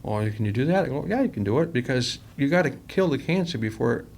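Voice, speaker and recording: A man's voice: medium pitch, expressive, fast talker, gravelly, a little mellow. A man, a company president, telling workplace stories in a rambling, casual interview style and acting out the quoted dialogue. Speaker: company president, podcast guest.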